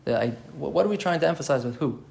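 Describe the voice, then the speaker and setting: A man's voice: fairly high pitch, expressive, fast talker, creaky, a little mellow. A man giving an explanatory Torah class, thinking aloud and repeating key phrases as he explains. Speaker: Torah teacher.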